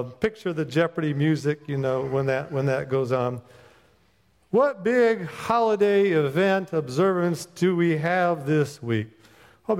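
A middle-aged man, a chaplain, giving a sermon in a folksy, conversational storytelling manner from a church. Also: a little high. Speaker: chaplain pastor. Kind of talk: sermon with personal stories. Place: church sanctuary. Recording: long church reverb.

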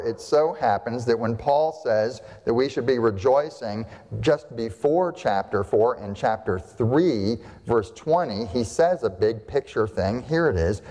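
A man's voice: mid-range voice, darkish tone. Male pastor, sermon, emphatic rhetorical questions, church sanctuary, long reverb.

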